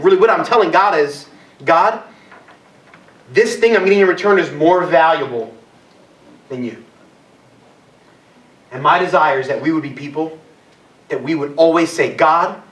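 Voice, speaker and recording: A young man preaches to a young adult group, his voice sitting fairly high for a man. He tells his stories loosely, with plenty of fillers and restarts. The sound is roomy and echoey, picked up from some distance off. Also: fairly bright tone. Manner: conversational storytelling with frequent fillers. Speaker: youth pastor. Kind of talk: sermon. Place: church hall. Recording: echoey hall from far off.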